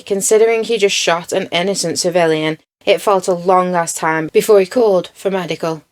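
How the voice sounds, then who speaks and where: A woman giving blunt, indignant commentary over video footage and swearing freely. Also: on the low side. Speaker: true crime commentator.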